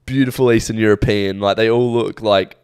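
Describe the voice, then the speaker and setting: A man's voice: lowish voice, fairly even intonation, fairly quick, a little mellow, clean tone, no room sound, clean studio sound. A young Australian man co-hosting a podcast, telling rambling stories in a laid-back, casual way with lots of fillers. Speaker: podcast co-host. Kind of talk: casual chat.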